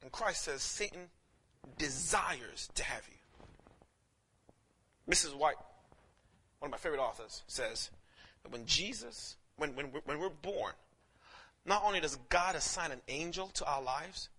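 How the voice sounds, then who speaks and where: Young male preacher, high-pitched and bright, animated sermon storytelling, casual slang, restarts often. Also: a little slow, long pauses, husky. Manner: animated storytelling, slips into quoted voices, frequent restarts.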